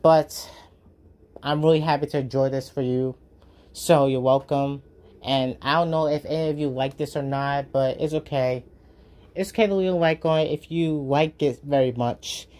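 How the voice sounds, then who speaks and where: A woman's voice: sits low, steady tone, moderate pace, a little mellow. A woman hosting a reaction video, ranting with profane indignation.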